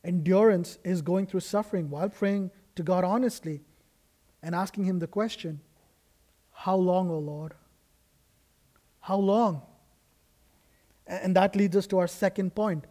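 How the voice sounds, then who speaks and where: A man's voice: sits high, normal speed, dark tone. A man preaching a sermon as a guest pastor in a church, earnest and emphatic, with frequent restarts. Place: church sanctuary.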